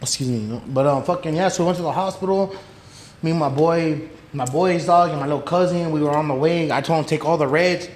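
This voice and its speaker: A male guest on a casual podcast recounts a story, his voice on the high side and his delivery brisk. He peppers it with slang and profanity and plays out the characters' quoted dialogue. Faint noise and room echo are audible.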